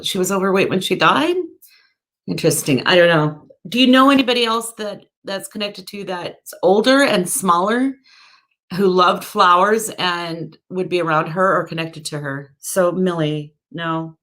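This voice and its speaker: On the low side and a bit bright, this woman's voice moves at a moderate pace. A psychic medium, she gives live-stream readings, reads comments aloud, and gropes chattily for words with many fillers and corrections of herself.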